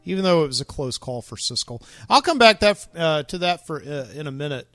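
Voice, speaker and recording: A man's voice: on the high side, expressive, fairly quick, a bit bright, no room sound, studio quality. A man hosting his own podcast in a casual solo monologue, rambling and wry, with many ums and uhs. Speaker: podcast host.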